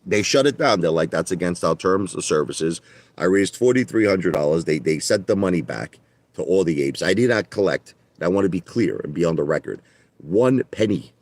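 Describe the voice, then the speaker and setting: A man's voice: low voice, animated, a little fast, a little mellow. A man hosting a livestream, talking in a defensive, repetitive, emphatic rant. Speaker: livestream host. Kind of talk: ranting livestream monologue.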